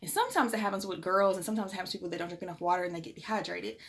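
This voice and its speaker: A woman's voice: medium pitch, animated, very fast, vocal fry, fairly bright tone, husky. Chatty young woman. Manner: chatty, frank, with many fillers. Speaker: vlogger sharing pregnancy test results. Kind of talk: casual chat to camera. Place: home, indoors.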